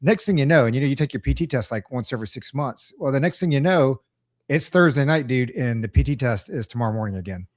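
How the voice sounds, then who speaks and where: Man, 40s, co-host. Quick pace, dry close sound. Teasing, joking banter. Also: medium pitch, animated, darkish tone, no echo. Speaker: podcast co-host. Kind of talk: casual chat.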